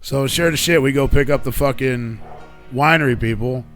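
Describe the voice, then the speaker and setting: A man hosting a live radio show, telling a story in a casual, profane, animated way and getting heated when he quotes himself. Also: mid-range voice, normal speed, soft background music.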